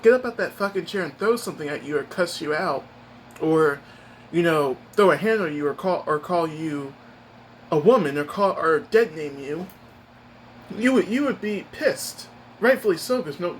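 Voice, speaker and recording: A young man with a slightly high voice rambles through a story from work, emphatic and expressive. He talks casually, piling on fillers and restarts as he vents to his viewers. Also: slight background noise, rough recording. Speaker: streamer giving a life update.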